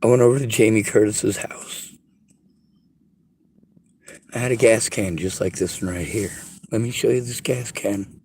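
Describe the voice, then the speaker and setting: A man's voice: fairly low pitch, steady tone, moderate pace, pauses often, a little mellow, slight background noise, rough recording. A man telling a personal story to the camera, rambling, repeating himself and swearing freely. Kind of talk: casual spoken storytelling to camera.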